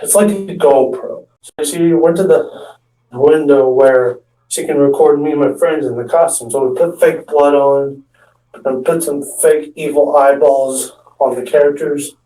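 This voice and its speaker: A young man telling a prank story in a rambling, stop-start way, often acting out what people said. His voice sits a bit high and sounds soft and mellow. He is picked up from a distance in an echoey room. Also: measured pace. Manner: rambling, restarts often, acts out quotes. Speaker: stand-up comedian telling a story.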